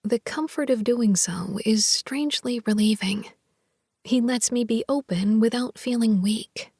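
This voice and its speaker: A woman narrating a first-person romance audiobook in a soft, half-whispered, intimate delivery. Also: on the high side, measured pace, slightly rough, no echo, studio quality.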